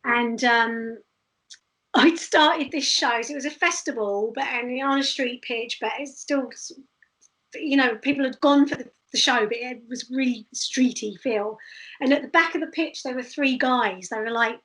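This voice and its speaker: Brief: woman with a bright, high voice, animated storyteller who laughs often as an interview guest. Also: normal speed, rough recording. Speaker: street performer guest.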